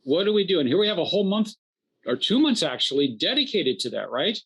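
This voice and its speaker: A male rabbi speaks reflectively in a relaxed chat, his voice a little higher than most men's. He leans into gentle humor. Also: fast talker, breathy edge. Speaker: rabbi, co-host. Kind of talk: casual conversation.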